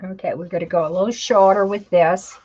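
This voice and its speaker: A woman's voice: medium pitch, fairly even intonation, a little fast, darkish tone, muffled recording. A woman teaching a live crafting tutorial, chatting to herself as she works and calling her viewers "y'all". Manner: chatty, talks to herself while working, says "y'all". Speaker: craft instructor.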